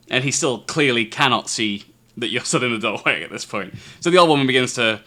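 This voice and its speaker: A man's voice: mid-range voice, a little fast, pushed and bright. A man, narrating a tabletop game as game master. He stammers and restarts often and chuckles a lot.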